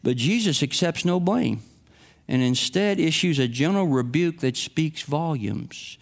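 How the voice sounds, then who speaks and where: A man's voice: on the high side, animated, measured pace. A middle-aged male pastor giving a sermon and telling stories in a conversational way. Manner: storytelling, conversational preaching.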